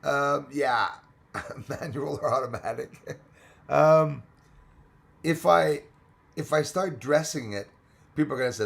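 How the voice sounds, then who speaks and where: Gravelly, chatty male live stream host. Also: mid-range voice, slow pace, long pauses. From Australia. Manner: chatty, greets viewers by name, laughs often. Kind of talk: casual live stream chat.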